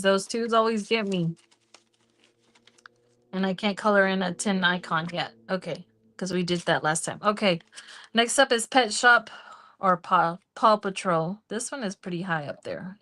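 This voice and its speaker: A middle-aged woman hosting a budgeting livestream from home, chatting casually and counting cash out loud in an easygoing way. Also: medium pitch. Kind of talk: casual live-stream chat.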